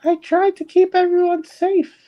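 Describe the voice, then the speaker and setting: A squeaky baby-voiced talking safe, New York accent. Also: male voice, level tone, normal speed. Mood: joking. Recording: dull lo-fi call audio.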